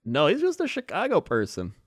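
A man's voice: a little high, wildly swooping pitch, fairly quick, slightly rough, dry recording, clean studio sound. A man co-hosting a casual chat, laughing often and slipping into mock voices. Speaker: podcast co-host.

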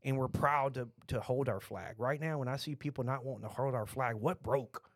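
A man's voice: medium pitch, normal speed, dry recording. A middle-aged man with a Texan accent, talking bluntly in a rambling, opinionated podcast chat full of restarts.

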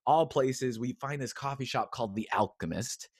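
A man's voice: medium pitch, moderate pace, slightly rough, no room sound, studio quality. A middle-aged man, a coach and guest on an interview show, telling a personal story in a casual way and acting out the voices of people he quotes. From United States. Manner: animated storyteller who acts out quoted voices.

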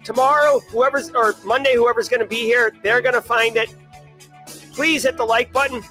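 A man with a Boston accent hosting a daily cyber news live stream, talking in an energetic, rambling, self-joking way. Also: extremely high pitch, normal speed, faint music behind. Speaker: host. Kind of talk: casual live-stream chat.

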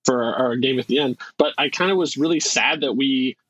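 A man's voice: mid-range voice, fairly quick, fairly bright tone, breathy edge, no echo, dull audio. A man co-hosting a casual movie podcast, chatting loosely, laughing often and restarting sentences as he runs a game. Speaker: podcast co-host running a game.

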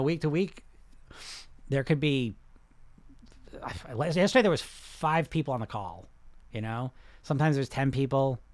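On a laid-back livestream about losing weight, a man responds to comments from viewers in a lively, salesy, repetitive style. His voice sits in the mid range, and the audio carries no room sound.

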